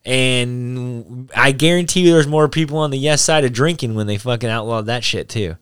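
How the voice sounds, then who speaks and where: A man's voice: medium pitch, moderate pace, a bit bright, clean tone. A man co-hosting a casual podcast chat, blunt and profane.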